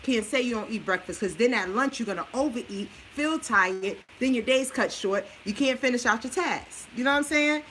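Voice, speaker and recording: A woman's voice: on the high side, pushed and bright, slight background noise, low-quality recording. A busy mom chatting through a meal plan while she cooks, coaching her viewers in a casual, chatty way. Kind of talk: casual cooking livestream.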